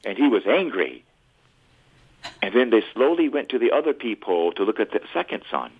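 A man, a priest, tells a story on a radio talk show in an animated way. His voice is husky and swings widely in pitch. It comes through a tinny, phone-like line. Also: quick pace.

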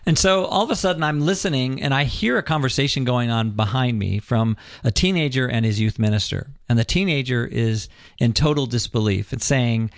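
A man telling an earnest, animated personal story as a guest on a talk show. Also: medium pitch, brisk, no echo, studio quality.

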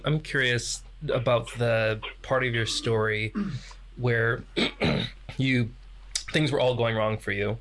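A man co-hosting a podcast, asking questions in a halting, thoughtful way. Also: lowish voice, a bit bright. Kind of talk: casual chat.

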